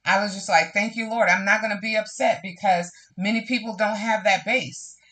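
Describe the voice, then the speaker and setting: A woman's voice: mid-range voice, fairly even intonation, moderate pace, fairly bright tone. A woman hosting a live crafting stream, chatting casually and slipping into preachy, faith-filled testimony to viewers. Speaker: crafting livestream host.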